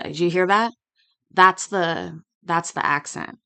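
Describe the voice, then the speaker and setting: A woman's voice: on the low side, expressive, slow, gravelly, pushed and bright, no room sound. A woman hosting a casual commentary over court footage, rambling with restarts and asides.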